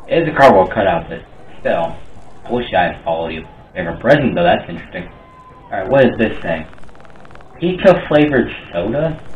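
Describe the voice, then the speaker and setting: A man's voice: low voice, echoey room, narrow, tinny audio, slight background noise. Rambling gamer guy with a sore throat. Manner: rambling, self-mocking. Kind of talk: casual gameplay commentary.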